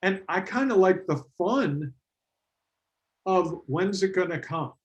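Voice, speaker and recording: A man's voice: high voice, slow. A middle-aged man presenting a business workshop in a conversational way, telling stories and acting out what his clients say. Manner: animated storytelling, acts out quoted clients.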